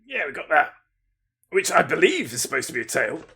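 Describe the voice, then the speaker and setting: A man hosts his livestream, chatting loosely and breaking off his own sentences. His voice is gravelly and a little husky, and his pitch bounces around a lot as he rambles. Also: big pitch swings, a little fast, sharp tone. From Lincolnshire, England. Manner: rambling, playful, self-interrupting, thanks viewers. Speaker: livestream host. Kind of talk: casual livestream chat.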